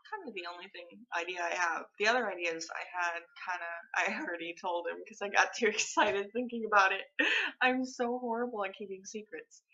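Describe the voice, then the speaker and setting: A woman's voice: mid-range voice, sharp tone, lo-fi sound. A young woman vlogging in casual chat to the camera, candid and rambling, with lots of fillers and restarts.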